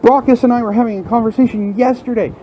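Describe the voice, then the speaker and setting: High-voiced man ranting and swearing. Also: fairly even intonation, fast, muffled recording, background noise. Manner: heated, profane ranting. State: angry. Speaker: vlogger. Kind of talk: unscripted rant to camera. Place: at work, in front of a large window. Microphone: phone.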